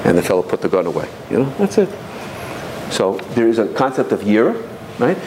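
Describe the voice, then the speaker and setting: A man's voice: fairly low pitch, sing-song, fairly quick, noisy background. A man teaching as he tells a personal story, sprinkling in Hebrew and Yiddish terms and often restarting his sentences. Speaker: religious teacher. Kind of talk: storytelling sermon.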